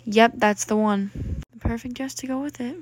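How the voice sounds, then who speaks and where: A woman voices a doting, fussy mother in a homemade toy role-play. She talks loud, cheerful and drawn-out. The pitch sits a bit high, near an everyday voice. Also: steady tone, close to an everyday voice.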